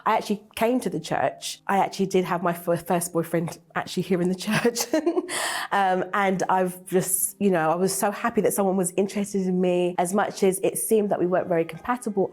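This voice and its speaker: A woman's voice: on the low side, darkish tone. A woman in her twenties telling her own story on a talk show, earnest and emotional. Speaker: guest sharing testimony. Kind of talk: personal testimony on a talk show.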